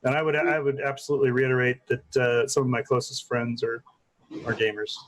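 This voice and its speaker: A man's voice: mid-range voice, little pitch movement, brisk. A man co-hosting a casual podcast chat, hesitant and stammering through his restarts.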